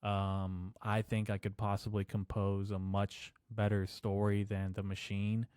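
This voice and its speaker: A man hosting a solo podcast, rambling through profane stories and deadpan jokes. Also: lowish voice, measured pace, clean tone, no room sound, studio quality. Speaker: podcast host. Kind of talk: casual solo podcast rant.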